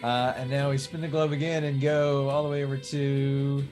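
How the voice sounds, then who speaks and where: A man's voice: mid-range voice, level tone, moderate pace, a little mellow, faint music behind. A man hosting an improv comedy show, introducing the players over a video call in an upbeat, jokey way.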